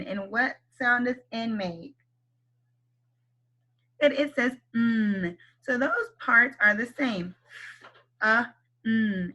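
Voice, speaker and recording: A woman leads a kindergarten phonics lesson at a very slow, deliberate pace. Her voice is bright and fairly high. She stretches out each letter sound and encourages the children to say it with her. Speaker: kindergarten teacher.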